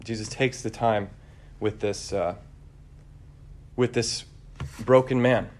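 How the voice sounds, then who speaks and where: Low-voiced man giving a conversational homily. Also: slow pace. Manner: relaxed, searching, frequent fillers and restarts. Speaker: preacher.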